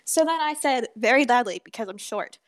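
A teenage girl tells a story on a casual podcast, animated and quick to laugh. She swears freely as she tells it. Her voice sits a little higher than most. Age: teens. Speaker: podcast co-host.

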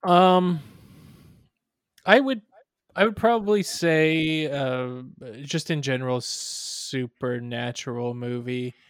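A man with an average-pitched voice co-hosting a podcast, hesitant and full of "um"s, his sentences trailing off quietly. The sound is dry and close. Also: slow, clear, resonant tone, no echo. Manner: hesitant, many "um"s, trailing off softly. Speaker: podcast co-host. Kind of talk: casual chat.

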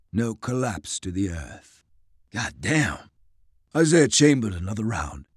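A man's voice: fairly high pitch, no room sound, clean studio sound. Man narrating a dramatic audiobook. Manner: dramatic, dropping to a hush on tense passages.

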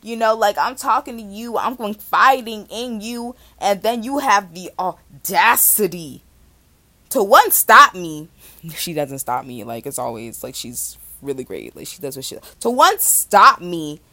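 A woman's voice: medium pitch, normal speed, hardly any pauses, a bit bright, no echo. A young woman in her twenties hosting a podcast, chatting casually with slang and swearing. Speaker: podcast host. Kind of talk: casual chat.

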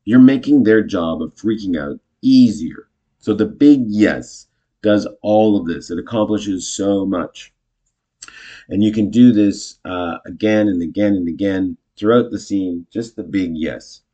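Low-pitched man, husky voice, chatty improv teacher, muffled lo-fi sound. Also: a little slow. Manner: chatty, self-correcting, animated when acting out lines. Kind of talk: casual teaching talk with acted example lines.

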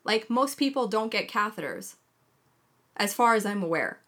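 A young woman chatting casually as a podcast co-host, telling a blunt, heavily sworn, animated story. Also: medium pitch, moderate pace. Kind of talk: casual chat.

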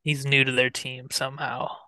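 A man's voice: mid-range voice, flat delivery, pushed and bright, dry recording. A young man co-hosting a podcast, talking baseball in a blunt, joking way. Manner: blunt, joking, quick to push back. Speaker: podcast co-host. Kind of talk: casual sports chat.

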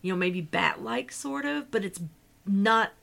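A woman's voice: medium pitch, animated, a little slow, vocal fry, fairly bright tone. A woman co-hosting a podcast, casually retelling and discussing a book's plot in a chatty way. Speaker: podcast co-host.

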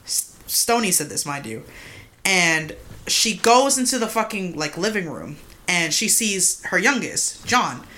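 A woman's voice: on the low side, expressive, measured pace, pushed and bright. A young woman co-hosting a podcast, retelling a true-crime case in a loose, profane chat full of "like" and "mind you". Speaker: podcast co-host.

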